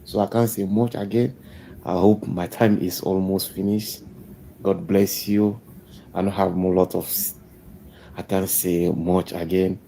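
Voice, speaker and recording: A man's voice: low-pitched, fairly even intonation, vocal fry, warm tone, a little hiss or hum. A man calling in to a live stream, hesitantly signing off. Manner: halting, hesitant. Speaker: caller. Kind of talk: casual sign-off.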